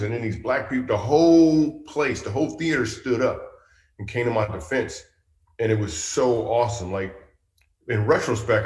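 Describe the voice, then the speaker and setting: A middle-aged male comedian telling stories in an animated, chatty interview style. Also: fairly low pitch, reverberant. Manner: animated, chatty storytelling with asides. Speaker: comedian guest. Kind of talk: storytelling interview.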